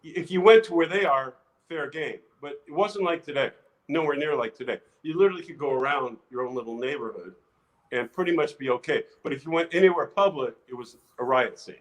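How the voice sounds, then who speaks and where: An older man, an actor guest, telling lively anecdotes in a casual interview, restarting phrases often. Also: fairly high pitch, a little fast, low-quality recording. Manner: animated anecdotes with many restarts.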